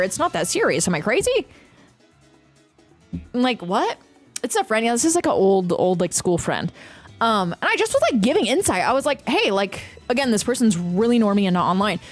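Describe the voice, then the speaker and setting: A woman's voice: a little high, a little fast, faint music behind. A woman in her thirties, a streamer, telling a story in casual chat with frequent swearing. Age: 30s. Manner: ranting, profane, animated storytelling.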